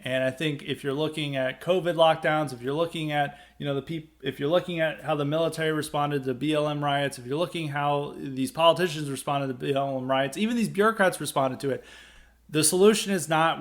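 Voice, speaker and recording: A man talks through a political commentary monologue on his podcast. His voice sits a little high for a man, and he rambles with frequent fillers and restarts before landing emphatic bursts. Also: steady tone, brisk. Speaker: podcast host.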